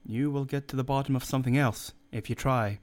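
A man voicing a calm, wry ship's surgeon who answers in a firm, matter-of-fact way. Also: mid-range voice, brisk, lightly acted. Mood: dry.

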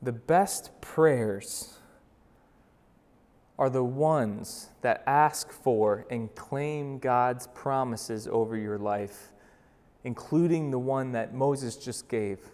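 Young male pastor, sermon; casual and dynamic, loud then soft, in an echoing sanctuary. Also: medium pitch. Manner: swings from loud urgent bursts to slow hushed emphasis; conversational, with fillers and restarts. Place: church sanctuary. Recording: long reverb of a large hall.

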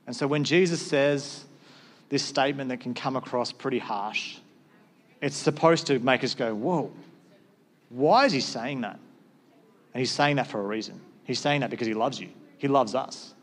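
A man's voice: medium pitch, normal speed. Guy pastor preaching, casual and chatty, acts out little bits of dialogue. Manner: conversational, acts out short quoted exchanges. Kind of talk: sermon.

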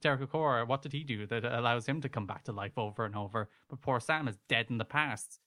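A male podcast co-host in loose, joking conversation. His voice sits at a middle pitch, and he often breaks into laughter or drops into mock-serious asides. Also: fast talker, bright, forceful tone. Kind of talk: casual podcast banter.

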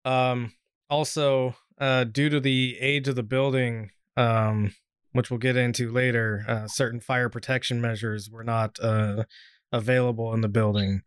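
A man hosts a podcast at a middle pitch, talking in a laid-back way. He drifts through fillers and restarts and laughs easily. The sound is dry and close, with no room around it. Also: flat delivery, unhurried, clean tone, no room sound. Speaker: podcast host. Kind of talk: casual podcast chat.

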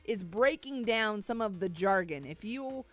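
On a morning radio show, a female co-host chats casually and responds with mock indignation. Her voice is medium in pitch and expressive, a little slow, captured dry through a studio microphone.

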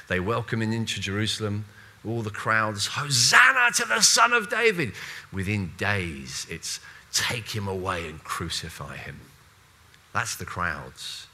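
A man preaching a sermon in a conversational, animated way, with playful asides and voiced quotes. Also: on the low side.

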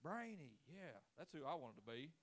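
A man's voice: fairly high pitch, sing-song, moderate pace. A man in his forties, a pastor preaching a sermon with folksy, joking storytelling and casual grammar. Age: 40s.

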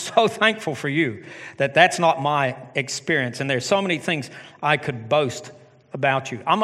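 A middle-aged man preaching a sermon as pastor of his church, animated with joking asides. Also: on the high side. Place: church sanctuary. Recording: long hall reverb.

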